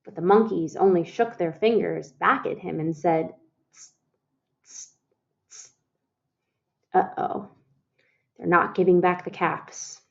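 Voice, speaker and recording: A woman reading a picture book aloud to children, expressive, calling her listeners "friends" and asking them questions. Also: on the low side, unhurried, creaky, dull audio. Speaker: storytime reader.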